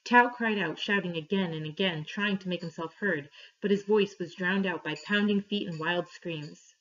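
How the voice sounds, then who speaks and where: A woman reading a story aloud to her class, clear and steady, pausing for questions. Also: lowish voice. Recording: dull lo-fi recording.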